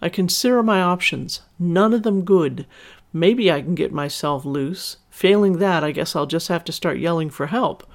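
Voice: mid-range voice, moderate pace. Casual storyteller reading aloud. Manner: casual, chatty asides. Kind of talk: erotic story narration with commentary.

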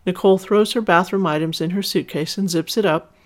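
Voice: medium pitch, a little fast. A storyteller narrating a first-person story and adding chatty, casual asides. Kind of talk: erotic story narration with commentary.

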